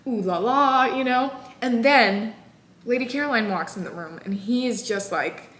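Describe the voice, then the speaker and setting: A woman in her twenties casually recapping a novel in an animated, exasperated way, full of "like". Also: a little high, normal speed. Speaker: book vlogger. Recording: echoey room.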